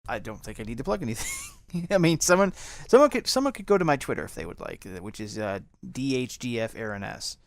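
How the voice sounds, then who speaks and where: A man speaking as a podcast guest, relaxed and agreeable, stumbling over words now and then. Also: medium pitch, fairly quick, dry recording. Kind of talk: casual podcast discussion.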